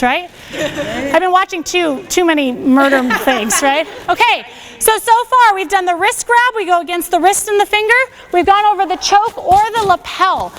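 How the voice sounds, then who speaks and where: A woman teaching a self-defense class on a body microphone, giving energetic step-by-step commands and checking in with "okay?" after each one. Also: extremely high pitch, a little hiss or hum. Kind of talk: classroom instruction. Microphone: wearing a microphone.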